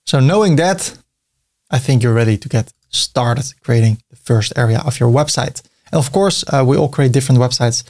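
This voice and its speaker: A man explaining a website builder step by step in a screen-recorded tutorial, thinking aloud as he clicks, with a few filler pauses. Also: mid-range voice, darkish tone. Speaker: web design tutor.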